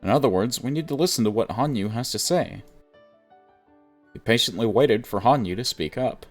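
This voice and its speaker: A man's voice: mid-range voice, lively intonation, normal speed, faint music behind. A man streaming a visual novel, reading the story aloud and chatting casually with viewers, laughing often.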